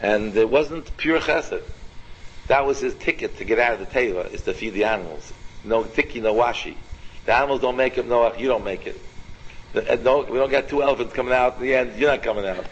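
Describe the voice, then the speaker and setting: A man teaching an informal Torah class, animated and repetitive, quizzing his students by name. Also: mid-range voice, a little fast, slightly rough, lo-fi sound.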